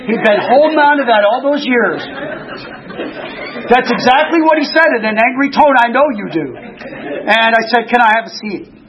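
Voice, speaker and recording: A man in his sixties, an earnest and animated storyteller, sharing his recovery story at a meeting. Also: very high-pitched, normal speed, pauses often, some chatter behind. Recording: dull lo-fi recording.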